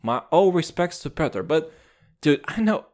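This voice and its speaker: Animated, foul-mouthed man ranting. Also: on the high side, measured pace. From Russia. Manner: swearing, rambling, riffing on tangents; animated, calls the listener dude. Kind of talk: profane comedic rant.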